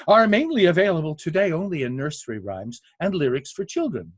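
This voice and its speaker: Older man, poetry podcast host, enthusiastic lecture, husky, fairly high voice. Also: big pitch swings, normal speed, few pauses, no echo. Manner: enthusiastic, scats rhythms aloud with many uhs. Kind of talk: spoken lecture on poetic meter.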